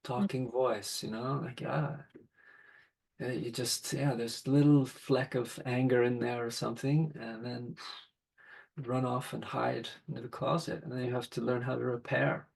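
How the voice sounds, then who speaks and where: A man with a gravelly, husky voice shares stories in a reflective podcast conversation. He talks gently and thoughtfully, taking his time with each point. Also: mid-range voice, flat delivery, a little slow, rough recording. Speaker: podcast guest, father.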